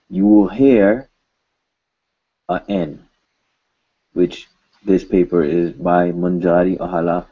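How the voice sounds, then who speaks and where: Slow, low-voiced man teaching a lesson. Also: lo-fi sound. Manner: informal and joking, repeats example words slowly. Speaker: language teacher. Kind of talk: recorded online lesson.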